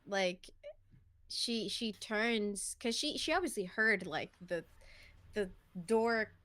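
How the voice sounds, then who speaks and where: A woman's voice: medium pitch, expressive, slow, a bit bright, dry recording. A woman playing a tabletop game, speaking hesitantly and restarting her sentences. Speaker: player.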